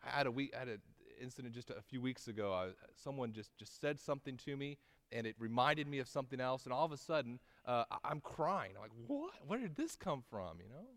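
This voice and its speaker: A man preaching a sermon, telling the story with rising intensity at dramatic moments and slowing to stress key words, often asking his listeners "right?". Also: mid-range voice, fairly bright tone, long reverb tail. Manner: conversational with tag questions and restarts. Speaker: pastor.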